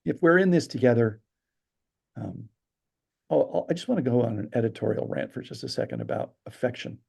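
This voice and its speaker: Male guest storyteller, mid-range pitch, gravelly, animated delivery. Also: fairly quick. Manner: animated storyteller, acts out quotes. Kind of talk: casual interview chat.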